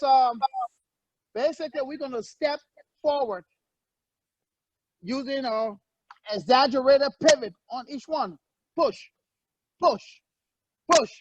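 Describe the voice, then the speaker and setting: High-voiced man coaching a workout. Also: measured pace, long pauses, a little hiss or hum. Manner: energetic, barks short encouraging commands. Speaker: fitness coach. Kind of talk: leading a workout session. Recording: muffled lo-fi, dry recording.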